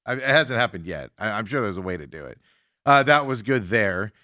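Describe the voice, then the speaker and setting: A man's voice: fairly low pitch, a little fast, no room sound, studio quality. A male talk show host in casual conversation, telling a story and acting out other people's lines as he goes. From Arizona, US. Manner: animated, acts out other people's lines in quotes.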